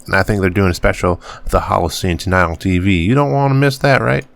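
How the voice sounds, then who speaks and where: A man's voice: low-pitched, fast talker, vocal fry. A man reading out a weary, working-class miner father who grumbles and swears about the company but is tender with his son, in a put-on accent.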